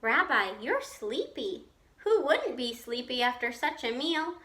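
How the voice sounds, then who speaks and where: A woman's voice: high-pitched, sing-song, unhurried, bright, forceful tone, reverberant, heavily acted. A woman voicing a kindly, chatty old grandmother with failing eyes, fussing over her guest in a storybook read-aloud. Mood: fond. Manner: cheerful, chatty, fussing hostess.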